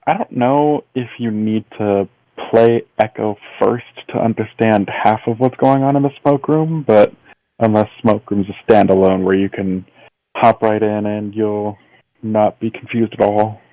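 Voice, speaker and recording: A man chatting casually on a stream, measured and pausing as he gives opinions. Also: lowish voice, dry recording, muffled recording. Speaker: stream guest.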